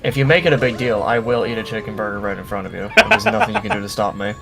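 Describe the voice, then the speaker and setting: A man's voice: on the low side, very animated, very fast, gravelly, music in the background. A young Irish man chatting casually on a game stream, crude and joking. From Ireland. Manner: crude, joking, often laughing. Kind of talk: casual chat while gaming.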